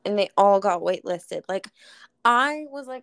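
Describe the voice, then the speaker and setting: A young woman co-hosting a podcast, chatting casually, swearing freely and ranting in animated retellings. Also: medium pitch, unhurried, no echo, studio quality. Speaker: podcast co-host. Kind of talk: casual chat.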